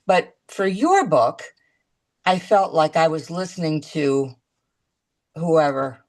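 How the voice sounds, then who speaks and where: A woman talking as a guest in a casual video-call chat, chatty and halting, restarting her sentences often. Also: low voice, expressive, a little mellow.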